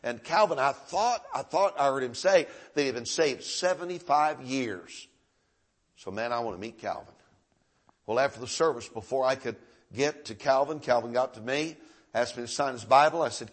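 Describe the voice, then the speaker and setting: Middle-aged man, preacher, folksy sermon storyteller, husky tone, stumbling restarts. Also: mid-range voice, moderate pace. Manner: folksy, repeats words, stammering restarts.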